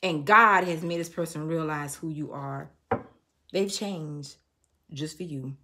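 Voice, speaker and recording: A woman's voice: low-pitched, unhurried, pushed and bright. A woman giving an emotional tarot reading to her viewers. She speaks in a preachy way and breaks into snatches of songs. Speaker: tarot reader.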